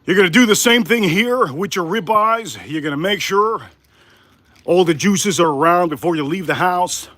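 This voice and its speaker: Breathless high-voiced man hosting a cooking stream. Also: moderate pace, fairly bright tone, dry recording. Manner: crouching while talking to viewers. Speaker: livestream cooking host. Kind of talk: casual live cooking stream. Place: home kitchen in Miami.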